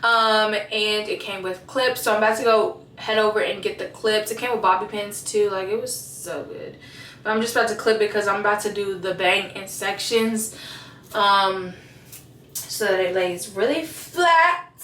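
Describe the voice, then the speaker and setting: A woman's voice: mid-range voice, moderate pace, a bit bright, a little hiss or hum. A young woman vlogger chatting casually to her viewers while she styles her wig, slangy and talkative. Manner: chatty, slangy, addresses viewers as you guys. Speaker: beauty vlogger. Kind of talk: casual get-ready-with-me chat. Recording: roomy echo, mic at a distance, faint ambience.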